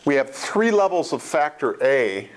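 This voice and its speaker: A man's voice: on the high side, very animated, a little slow. A man teaching a college statistics class, explaining plainly, repeating key points and adding small asides. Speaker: statistics instructor. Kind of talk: classroom lecture.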